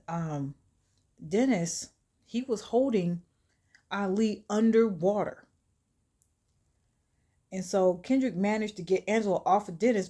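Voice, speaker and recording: A woman telling a horror short story in a chatty, animated, casual way. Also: mid-range voice.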